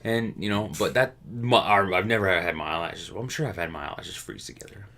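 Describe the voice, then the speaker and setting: A man from Canada co-hosting a casual news chat, animated and swearing, acting out quotes in high voices. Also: brisk, creaky. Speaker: podcast co-host.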